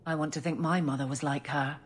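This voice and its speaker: An actress voicing a grieving woman guard captain who speaks in a quiet, restrained, plainspoken way. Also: low voice, steady tone, fairly quick, close to an everyday voice. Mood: somber.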